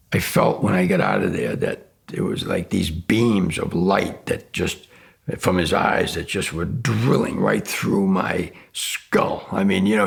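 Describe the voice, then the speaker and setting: A man's voice: deep voice, gravelly, breathy edge. A man who coaches college football, telling a vivid story in a documentary interview.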